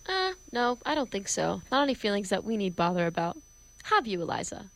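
A woman's voice: medium pitch, sing-song, a little fast, fairly bright tone, poor audio. Woman reading as a bossy male professor. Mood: imperious. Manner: imperious, brusque, theatrical. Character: domineering male phonetics professor. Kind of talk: amateur play reading.

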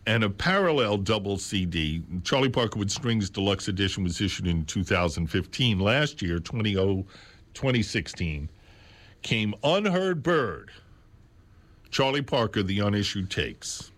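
A low-pitched man speaks slowly and deliberately into a studio microphone, hosting a radio program. He talks unscripted, pausing to spell out details with care. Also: big pitch swings, a bit bright. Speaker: radio host. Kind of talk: unscripted radio talk about records. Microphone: studio mic on a stand.

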